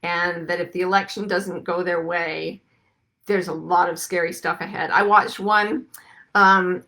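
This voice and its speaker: A woman's voice: lowish voice, steady tone, normal speed, sharp tone. A middle-aged woman hosting, talking casually and playfully to an online audience and greeting listeners by name. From United States. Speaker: host.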